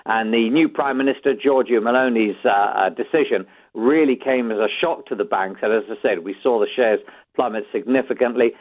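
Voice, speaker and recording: Male British correspondent, measured phone report, tinny line. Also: medium pitch. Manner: measured reporting with frequent fillers.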